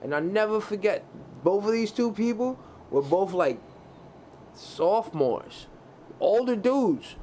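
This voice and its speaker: A man's voice: high-pitched, animated, takes it slowly, mellow, slight background noise. Rambling, cursing man telling stories. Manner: profane, rambling storyteller with many restarts. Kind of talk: casual podcast chat.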